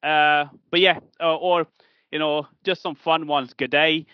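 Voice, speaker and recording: A man with a slightly raised pitch hosts a relaxed podcast conversation, stumbling through plenty of fillers and restarts. The recording is dry and a little muffled. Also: a little slow, smooth, no echo. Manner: hesitant, many fillers and restarts. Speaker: podcast host. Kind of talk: casual podcast chat. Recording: dull lo-fi dry sound.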